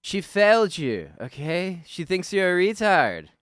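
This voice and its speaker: A man's voice: high-pitched, very animated, a bit bright, smooth, no echo, voice pushed up, heavily acted. A man playing a smug, taunting bully. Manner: slow, taunting, raised voice.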